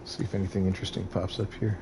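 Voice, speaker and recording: A man's voice: sits low, level tone, very fast, creaky, background noise. A man hosting a gaming livestream, chatting casually in a laid-back way and thinking aloud. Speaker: streamer host.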